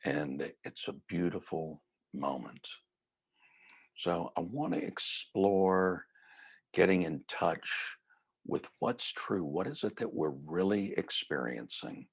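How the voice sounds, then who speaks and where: A middle-aged man giving a reflective, gently conversational mindfulness talk. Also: sits low, expressive, slow pace, slightly rough. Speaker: mindfulness teacher.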